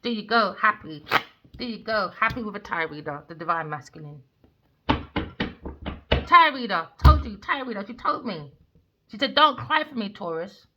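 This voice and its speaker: A woman's voice: medium pitch, lively intonation, a little slow, pauses often, bright, forceful tone, slight background noise. A woman, a tarot reader ranting in a blunt, heated, sweary monologue.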